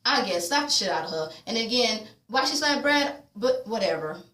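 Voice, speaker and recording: A young adult woman doing a casual, profane TV episode recap, blunt and sassy, with lively voiced quotes of the characters. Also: fairly high pitch, normal speed. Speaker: TV recap vlogger. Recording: echoey room.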